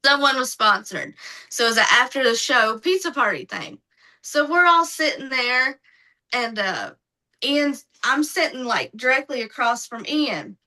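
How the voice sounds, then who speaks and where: Woman guest, high bright voice, lively casual storyteller. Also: measured pace, poor audio. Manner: lively, acts out other people's lines in her retelling. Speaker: podcast guest.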